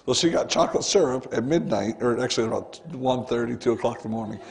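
A man's voice: mid-range voice, fast talker, gravelly. A male pastor preaching a sermon in a church, earnest and conversational, often breaking in with "listen.". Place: church sanctuary.

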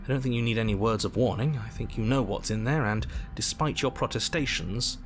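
A man voicing the narrator and inner voices of a horror game, telling the scene in measured tones and slipping into anxious, bickering asides. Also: medium pitch, faint music behind, close to an everyday voice. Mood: ominous, measured. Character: calm, wry male narrator of a horror game.

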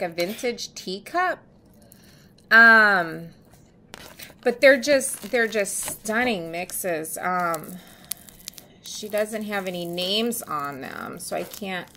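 A woman's voice: medium pitch, pushed and bright. A woman talking casually to her camera in a home vlog, chatty and gushing, with many ums. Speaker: vlogger. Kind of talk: casual show-and-tell vlog. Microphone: camera mic.

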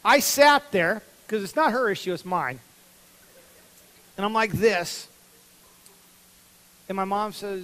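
A pastor in a church, telling a childhood story to his congregation in a high, lively voice. He acts out the voices of the people in the story as he goes. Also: takes it slowly, long pauses, long reverb tail, poor audio. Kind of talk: storytelling sermon. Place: church sanctuary.

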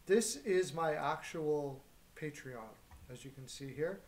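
A man's voice: on the high side, animated, slow. A man hosting his own sports betting show, talking in a loose, rambling way full of fillers and restarts. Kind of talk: casual rambling commentary.

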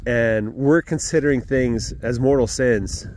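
An earnest man talking outdoors on his farm, giving a casual Sunday morning message. He speaks reflectively at a middle pitch, pausing with fillers and clearing his throat. Faint farm sounds and animals murmur behind him. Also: a little mellow, slight background noise. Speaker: farm vlogger.

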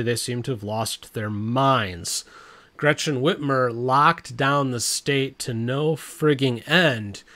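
A man's voice: medium pitch, fairly bright tone. A middle-aged man giving blunt, exasperated commentary on the news from his home. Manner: blunt, exasperated, reads quotes aloud. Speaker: commentary channel host.

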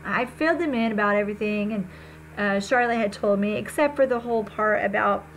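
A woman reading a first-person novel aloud, conversational and expressive, with small slips. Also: medium pitch, fairly quick, a little hiss or hum, rough recording. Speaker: reader.

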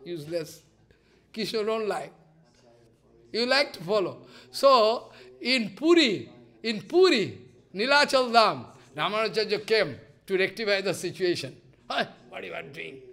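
Animated high-voiced man preaching. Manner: animated storytelling, acts out voices, laughs often. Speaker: spiritual teacher. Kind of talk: devotional lecture.

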